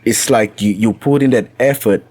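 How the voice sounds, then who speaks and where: A man's voice: lowish voice, normal speed, a little mellow, husky, dry recording. A man talking as a podcast guest in a casual chat, earnest, often stammering and restarting his sentences.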